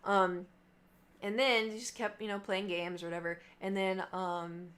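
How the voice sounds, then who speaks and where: A woman's voice: medium pitch, unhurried. A woman in her late twenties, a live streamer, telling stories in a casual, chatty way with lots of fillers and asides. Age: late 20s. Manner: chatty, animated, many fillers and trailing asides. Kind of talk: casual storytelling chat.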